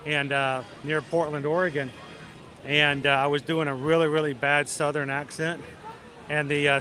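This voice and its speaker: A man hosting a casual livestream from a busy theme park, chatting, greeting viewers by name and laughing easily. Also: fairly high pitch. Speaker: livestream host. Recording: loud crowd noise outdoors. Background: crowd chatter.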